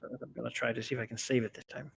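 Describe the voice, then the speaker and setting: A tired man, a player in an online tabletop game, chatting in a relaxed, low-key way and often trailing off. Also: racing, vocal fry, husky, no room sound. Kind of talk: casual chat.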